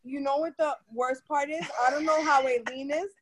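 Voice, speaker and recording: A woman's voice: sits high, fairly even intonation, moderate pace, low-quality recording. A woman co-hosting a podcast, talking bluntly and swearing in casual chat. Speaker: podcast co-host.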